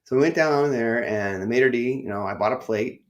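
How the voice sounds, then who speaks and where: A middle-aged man from northern Illinois hosting a podcast, telling a story in a chatty, excitable, rambling way. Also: mid-range voice, normal speed. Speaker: podcast host. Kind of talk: casual storytelling.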